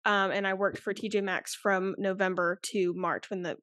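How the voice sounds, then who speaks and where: Twenties woman rambling away as a podcast guest, mid pitch, super candid, dry close sound. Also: steady tone, moderate pace, a bit bright, no echo. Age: 20s. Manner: candid, rambling, talks with many likes and restarts. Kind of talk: casual interview chat.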